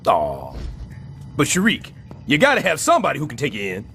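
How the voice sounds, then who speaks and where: A blustering, sarcastic cartoon super. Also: male voice, medium pitch, wildly swooping pitch, a little fast, vocal fry, pushed and bright, slight background noise, exaggerated voice. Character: scheming middle-aged male building superintendent. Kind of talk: animated sitcom voice acting.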